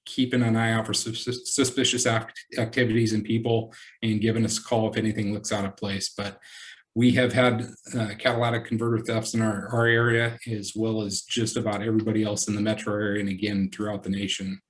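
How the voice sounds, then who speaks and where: A man from the police giving a halting update with many fillers over a video call. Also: lowish voice, level tone, low-quality recording. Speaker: police representative. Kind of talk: community meeting update. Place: virtual meeting.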